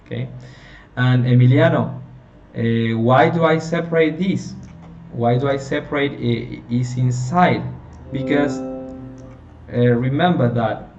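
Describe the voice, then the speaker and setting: A man talks through a phonetics lesson at an unhurried pace, pausing to check in with his students. He sounds far from the mic in an echoey room. The sound is dull and lo-fi, with a faint hiss behind him. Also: mid-range voice, darkish tone, faint music behind. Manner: slow, explanatory, checking in with "okay?". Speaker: teacher.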